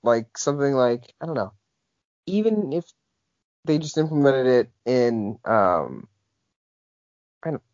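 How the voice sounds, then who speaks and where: A man's voice: medium pitch, very animated, a little slow, pauses often, darkish tone, no room sound. A young man co-hosting a podcast in casual chat, rambling with lots of filler words and restarts. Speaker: podcast co-host. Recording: dull lo-fi podcast audio.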